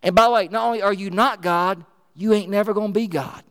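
A man preaching a sermon in an animated, emphatic way with folksy asides. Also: sits high, quick pace. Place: church sanctuary. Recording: reverberant church hall.

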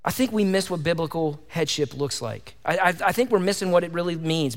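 Man, pastor, fervent sermon, repeated rhetorical questions, high voice, reverberant sanctuary. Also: a little fast, few pauses. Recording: long hall reverb.

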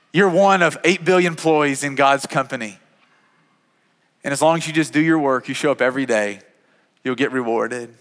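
A man's voice: fairly high pitch, a bit bright, long reverb tail. A man in his thirties preaching a sermon as a pastor, earnest and often repeating words as he talks.

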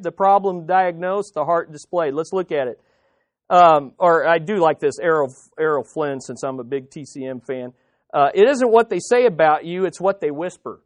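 A man's voice: high voice, no echo. A man preaching an earnest, conversational sermon as pastor, often repeating words as he goes.

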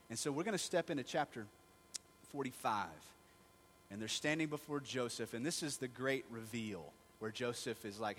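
A man's voice: medium pitch, moderate pace, fairly bright tone, slight background noise. A male pastor preaching a sermon in a conversational storytelling manner, asking the congregation rhetorical questions.

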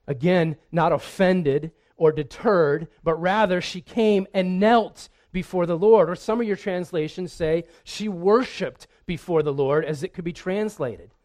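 A man's voice: high voice, unhurried, few pauses, a little mellow. A man preaching a sermon in an earnest way, often repeating a word as he restarts. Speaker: pastor.

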